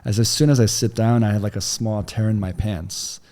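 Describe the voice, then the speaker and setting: A man's voice: lowish voice, steady tone, fairly quick, darkish tone. A man in his thirties, a podcast guest telling a long personal story in a casual, chatty way full of "like" fillers, on a studio mic.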